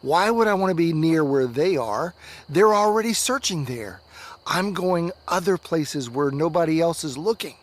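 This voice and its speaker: A man's voice: fairly high pitch, animated, moderate pace, lightly acted. A man voicing a sixth-grade boy's inner thoughts and calls while he searches through a snowstorm in a read-aloud story. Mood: musing. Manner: inner thoughts, sometimes calling out. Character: sixth-grade boy lost in a snowstorm, earnest.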